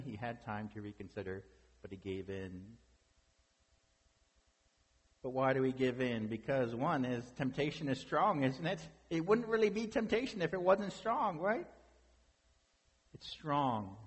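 Husky-voiced pastor preaching in a reverberant hall. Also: male voice, mid-range voice, unhurried, pauses often. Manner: conversational, asks rhetorical questions. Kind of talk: sermon.

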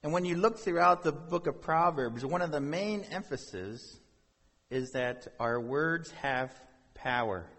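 Male pastor, unhurried sermon delivery, slightly husky, long hall reverb. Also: on the high side, expressive, a bit bright. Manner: conversational preaching with rhetorical questions.

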